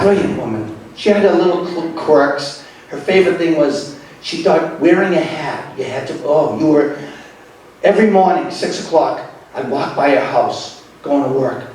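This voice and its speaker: A man telling comedy stories on stage in a club, animated, with quick asides to the crowd. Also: on the high side, slight background noise. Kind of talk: stand-up comedy. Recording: echoey club from far off.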